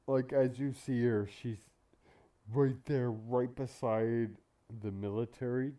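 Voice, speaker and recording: With a mellow, mid-range voice, this anime reaction channel host talks in a loose, meandering style, leaning on fillers and dropping the odd curse word.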